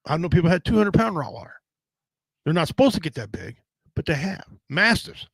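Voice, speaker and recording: A man's voice: on the high side, big pitch swings, brisk, breathy edge, dry recording, low-quality recording. A middle-aged man hosting a casual podcast chat, talking in a blunt, rambling, folksy way with casual swearing. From Native American.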